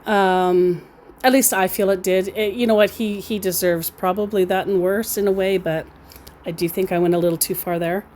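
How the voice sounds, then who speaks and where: A woman's voice: mid-range voice, fairly even intonation, a little mellow, slight background noise. A woman recounting a chat with a scammer in a casual, amused storytelling manner, often laughing. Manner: slow, amused, reads out quotes with laughs.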